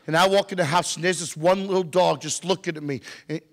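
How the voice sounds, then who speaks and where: A man with a high voice tells an animated, joking story to a live audience. He keeps breaking off to tease people in the crowd. His voice rings out with long reverb in a large hall. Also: quick pace. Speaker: motivational speaker.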